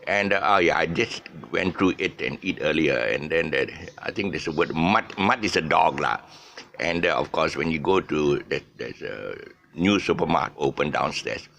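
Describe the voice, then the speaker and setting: Rambling deep-voiced Malaysian man teaching. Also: lively intonation, normal speed, creaky, a bit bright, slight background noise. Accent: Malaysian English. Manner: rambling, many restarts and fillers, jokey asides. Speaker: English pronunciation teacher. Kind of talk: casual spoken lesson.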